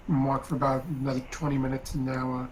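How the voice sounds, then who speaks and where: A man narrating as game master of a tabletop game, pausing often with ums and uhs. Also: mid-range voice, a little mellow, a little hiss or hum, poor audio. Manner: halting, many ums and uhs.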